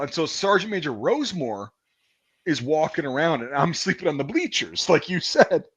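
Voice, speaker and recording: A man's voice: fairly high pitch, normal speed. A man hosting a casual chat, telling army stories in a loose, profane way. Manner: animated, profane storytelling. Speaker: podcast host. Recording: dull lo-fi sound.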